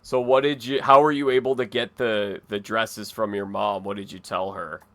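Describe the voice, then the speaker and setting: A man's voice: lowish voice, steady tone, normal speed, fairly bright tone. A man hosting a casual interview, laughing along and asking short questions. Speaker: host.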